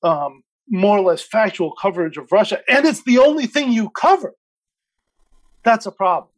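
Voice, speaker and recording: A man guest in a talk interview, his voice sitting a little high. He weighs his words, often restarting sentences. His delivery is thoughtful and measured. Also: poor audio. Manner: hesitant, many restarts, thoughtful. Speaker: guest commentator. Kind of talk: conversational interview.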